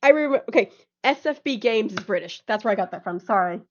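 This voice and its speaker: A woman's voice: medium pitch, animated, quick pace, lo-fi sound. A woman chatting casually between roleplay scenes, rambling, giggling and correcting herself as she goes. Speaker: roleplay partner. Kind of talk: casual chat during voice roleplay.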